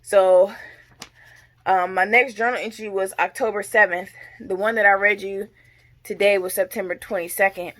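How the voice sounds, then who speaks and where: A woman in her thirties casually tells a story in a vlog, a little out of breath. Her voice is medium-pitched at normal speed, and she's animated, acting out drill commands and groans.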